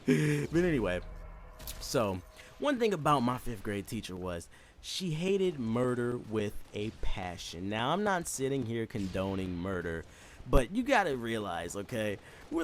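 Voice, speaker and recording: A man's voice: medium pitch, big pitch swings, measured pace, slight background noise. A young man telling a comedic story in a casual, profane way, laughing often and mimicking voices.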